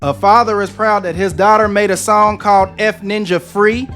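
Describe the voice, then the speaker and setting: A man's voice: high voice, fairly even intonation, normal speed, a bit bright, soft background music. A man hosting a commentary video, lecturing the listener in a preachy tone. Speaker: commentary host. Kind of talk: opinion commentary.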